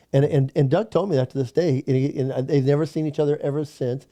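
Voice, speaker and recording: A male talk show host tells a story with animated energy, stumbling over the first words of each thought. His voice has a dark, mellow color. The sound is dry and close. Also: mid-range voice, fast, dry recording. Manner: animated storyteller, repeats words when starting. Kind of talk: casual talk show conversation.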